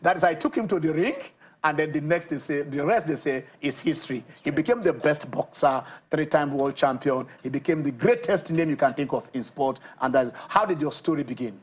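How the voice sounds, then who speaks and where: A man from Nigeria hosting a TV sports show, lively and rambling, with lots of fillers and restarts. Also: fairly high pitch, a little fast, slightly rough, lo-fi sound. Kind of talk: TV sports show chat and interview. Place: TV studio.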